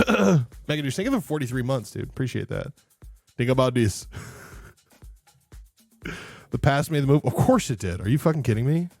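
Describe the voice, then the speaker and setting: A man's voice: mid-range voice, big pitch swings, moderate pace, vocal fry, a little mellow, no room sound, faint music behind. A young man livestreaming, chatting casually with viewers, laughing often, rambling and swearing freely. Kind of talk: casual stream chat.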